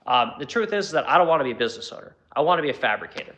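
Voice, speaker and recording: A middle-aged furniture maker from the United States answering viewer questions in a rambling, blunt way, swearing and filling pauses with "you know.". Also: male voice, a little high, big pitch swings, sharp tone. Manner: rambling, profane, lots of fillers like "you know". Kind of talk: casual Q&A talk.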